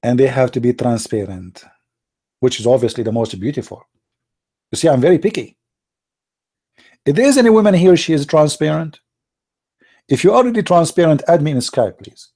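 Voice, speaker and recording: Sarcastic man with lively, mellow voice. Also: fairly high pitch, moderate pace, long pauses. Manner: sarcastic, laughing, with mock excitement. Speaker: channel host. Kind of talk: mocking commentary over on-screen pictures.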